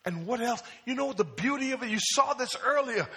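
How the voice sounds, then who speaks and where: High-voiced preacher man in an echoing hall. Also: animated, a little fast, pushed and bright. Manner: asks the congregation questions and calls for answers. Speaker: pastor. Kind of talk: call-and-response sermon. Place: church sanctuary.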